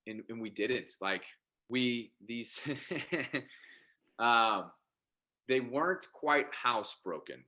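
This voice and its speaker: A man's voice: medium pitch, animated, takes it slowly, pauses often, sharp tone. A man as a podcast guest, telling his life story casually and with animation, often restarting and repeating words. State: married father.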